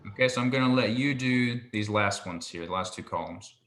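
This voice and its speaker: Male tutor, lowish pitch, crisp bright tone, patient and encouraging. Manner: patient, encouraging, models pronunciation slowly. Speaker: Hebrew tutor. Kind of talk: one-on-one language lesson.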